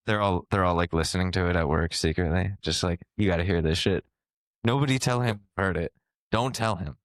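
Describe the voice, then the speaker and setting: A young man co-hosting a podcast, telling a story in a loose, animated way, swearing and laughing as he goes. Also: sits low, brisk, no echo. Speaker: podcast co-host. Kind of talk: casual storytelling chat.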